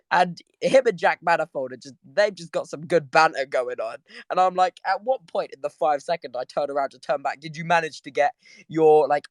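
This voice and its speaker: A man's voice: on the high side, no echo, studio quality. A young English man, tired after little sleep, chatting casually as host of a live audio stream. He rambles through a story, laughing and restarting his sentences, and speaks from his bed. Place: sitting in bed at home.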